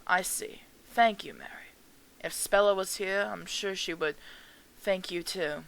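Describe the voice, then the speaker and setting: A woman's voice: mid-range voice, a little slow, vocal fry, fairly bright tone, poor audio. A woman doing a frail grieving old mother. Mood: tender. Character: grieving elderly mother at a funeral, gentle.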